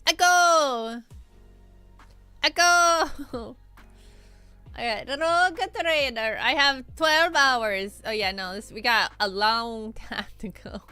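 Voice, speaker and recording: A woman's voice: on the high side, a little slow, few pauses, sharp tone, clear, resonant tone, no room sound, soft background music. A young woman streaming a video game, chatting playfully and joking with her viewers. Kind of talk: casual gaming stream chat.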